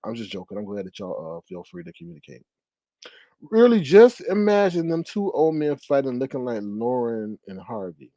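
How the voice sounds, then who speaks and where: A man hosts a casual livestream gossip show. He chats away to his viewers, laughs easily and keeps his pitch jumping around. The sound is dry and close. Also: very animated, normal speed, mellow, no room sound. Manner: chatty, laughing, talks straight to viewers as y'all. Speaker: YouTube commentary host.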